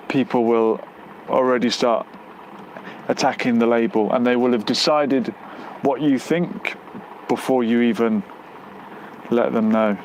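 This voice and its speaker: A man's voice: medium pitch, a little hiss or hum, rough recording. A man hosting a casual live stream outdoors near a road, reading out viewer comments and musing aloud with lots of fillers. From United Kingdom.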